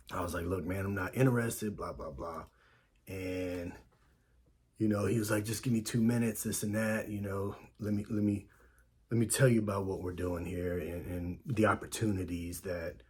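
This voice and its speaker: A man's voice: low-pitched, breathy edge. A man casually telling a story about his past, full of fillers and quoted back-and-forth dialogue.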